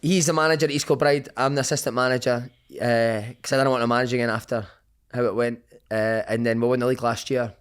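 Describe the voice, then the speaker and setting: A Scottish man in middle age talks at a quick clip, full of stories. He swears freely, tacks "mate" onto most lines and keeps the energy up. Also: medium pitch, fairly even intonation, smooth. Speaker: podcast guest, former footballer. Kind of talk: animated storytelling chat.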